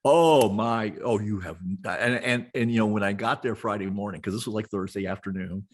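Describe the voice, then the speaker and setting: A man's voice: fairly low pitch, normal speed. A middle-aged man telling a long personal story in casual conversation, rambling with many restarts and fillers. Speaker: podcast host, guest being interviewed.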